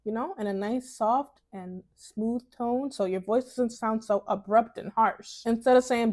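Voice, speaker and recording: A young woman from New York giving casual advice in a vlog, chatty and expressive, often laughing. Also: a little high, unhurried, hardly any pauses. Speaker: lifestyle vlogger.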